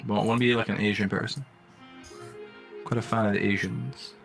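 A young man live-streaming a game, chatting with viewers in slang and breaking into loud exclamations. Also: on the low side, steady tone, brisk, gravelly. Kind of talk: live-stream gaming commentary. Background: faint music.

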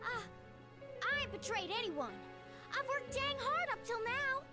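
A woman's voice: extremely high pitch, lively intonation, a little slow, sharp tone, exaggerated voice. An actress voicing a young woman idol with a folksy Southern twang, in a game, over music. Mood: defiant. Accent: Southern US (acted).

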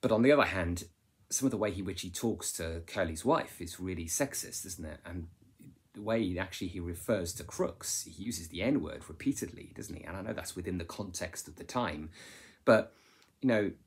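A man explains a novel in a relaxed lesson style, often ending points with tag questions. His voice is low and husky. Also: moderate pace. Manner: conversational, asks rhetorical tag questions; restarts and fillers while explaining. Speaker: English literature teacher.

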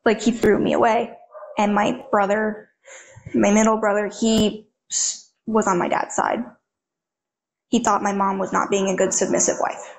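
A woman's voice: mid-range voice, steady tone, measured pace, gravelly. An eighteen-year-old woman, an interview guest, telling her own story frankly and conversationally, with plenty of "like" in her speech. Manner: frank, conversational, heavy use of "like". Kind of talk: candid personal storytelling.

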